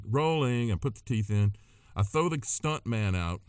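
Radio host, middle-aged man, animated storyteller, swooping pitch, dry close sound. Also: normal speed, smooth, no echo. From Louisiana. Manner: animated raconteur, slips into quoted voices. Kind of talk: casual storytelling chat.

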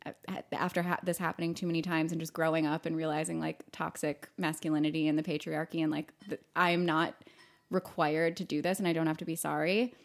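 A young woman co-hosting a podcast, recapping a film in casual chat, animated and swearing freely with frequent laughs. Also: sits low, fast talker, gravelly. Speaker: podcast co-host.

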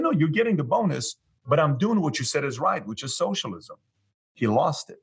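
A man's voice: fairly high pitch, very animated, moderate pace, breathy edge. A man from Iran, a guest in an interview, telling stories and acting out both sides of past conversations. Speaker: guest, business leader. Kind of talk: storytelling in an interview.

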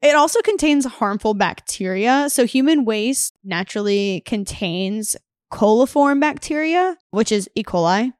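A woman with a Southern US accent chats on a podcast, mixing blunt jokes with explanations from her notes. Her voice sits a touch high. The recording is dry and close. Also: animated, a little slow, dry recording. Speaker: podcast co-host. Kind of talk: casual chat.

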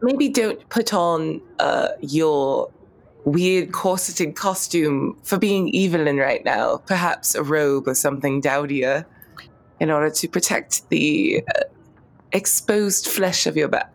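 A woman's voice: low voice, expressive, slow pace, creaky, heavily acted. A woman voicing a sardonic, teasing doctor with a dry wit.

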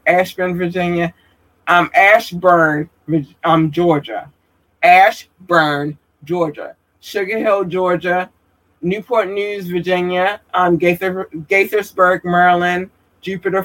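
A man reading out viewers' hometowns one by one, halting with fillers and apologizing for mispronouncing names. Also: high-pitched, fairly bright tone, rough recording. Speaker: streamer giving shout-outs.

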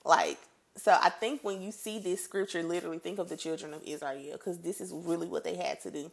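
A woman giving a casual Bible teaching. She reads scripture aloud and comments on it in a lively, conversational way. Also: fairly low pitch, a little fast, gravelly. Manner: animated and conversational, reads scripture then reacts playfully.

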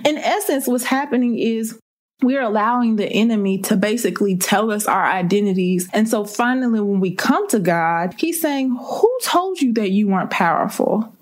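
A woman's voice: mid-range voice, animated, moderate pace. A woman preaching a sermon with impassioned, repeated rhetorical questions.

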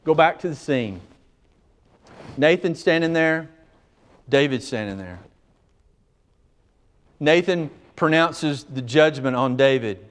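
A man preaching a sermon as pastor, emphatic, repeating his phrases and swinging from hushed to forceful. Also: medium pitch, animated, measured pace, pauses often.

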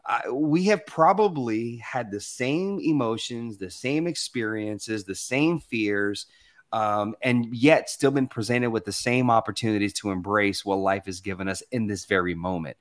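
A man's voice: lowish voice, measured pace. A man from the Southern United States, speaking as a guest in a conversational, motivational storytelling talk. He acts out the voices he quotes.

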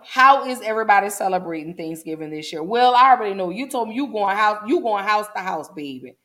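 A woman's voice: mid-range voice, animated, fairly quick, a bit bright. A woman hosting a casual solo podcast, chatting folksily with her listeners. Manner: chatty, folksy, addresses listeners as y'all and baby. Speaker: podcast host.

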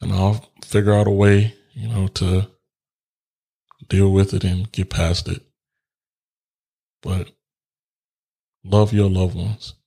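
A man's voice: sits low, little pitch movement, slow pace, creaky, pauses often, warm tone, breathy edge. A man telling a personal story in a candid, reflective way, laughing often and swearing casually as he works through grief. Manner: reflective and grieving.

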